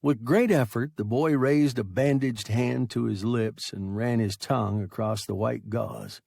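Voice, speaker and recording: Slow gravelly male storyteller. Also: mid-range voice, fairly even intonation, darkish tone, no room sound, clean studio sound. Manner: measured storytelling. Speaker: narrator. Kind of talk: scripted audiobook narration.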